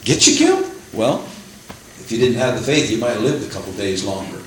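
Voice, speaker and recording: An older man preaching a sermon in a church, animated, rising to exclaim praises, with frequent restarts. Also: mid-range voice, brisk. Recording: echoey room with faint hum.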